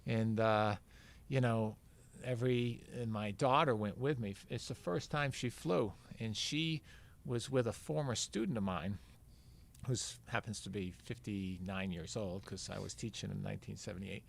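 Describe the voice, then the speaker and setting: Older male guest, low gravelly voice, rambling anecdotal storyteller. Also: normal speed. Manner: rambling, acts out quoted dialogue. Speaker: podcast guest, veteran marathon runner.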